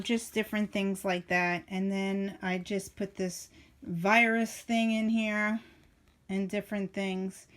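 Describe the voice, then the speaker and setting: A middle-aged woman casually flipping through her journal and talking about it, chatty and rambling with many fillers and restarts. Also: mid-range voice. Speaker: journaling vlogger.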